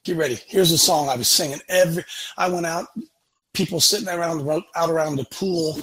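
Forceful husky man preaching bluntly. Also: on the high side, a little fast, rough recording. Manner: emphatic, blunt, repeats lines for punch. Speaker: show host. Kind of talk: fiery preaching talk.

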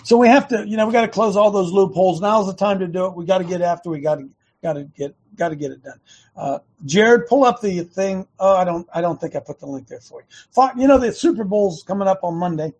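A man hosting an online show, talking fast and emphatically, repeating words in bursts. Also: high-pitched, animated, darkish tone. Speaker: host of an online activist show. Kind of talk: fast casual preaching talk.

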